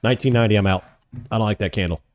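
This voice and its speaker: A man hosting a live options trading stream, calling his trades as they happen and answering chat questions, often excited. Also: on the low side, rapid-fire, highs cut off. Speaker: options trading livestream host.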